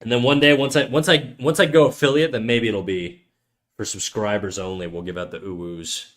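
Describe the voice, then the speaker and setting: Drawing live on stream, this Canadian man trades swear-filled, crude jokes in casual conversation. His voice is lowish and a bit bright, with fairly even intonation and a brisk pace.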